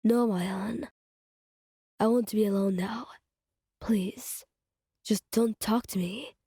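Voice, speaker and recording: A reserved young swordsman speaks in a whispered role-play, as a woman puts him on. The voice is hushed, slow and breathy, with a dark, mellow tone. He is gentle under his guarded manner. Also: medium pitch, fairly even intonation, no room sound, clean studio sound.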